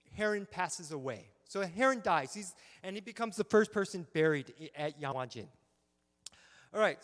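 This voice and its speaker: In a church hall with a long reverb, a man gives an animated history lecture at a symposium in a high voice. He tells the story with acted-out quotes and checks in with the audience frequently.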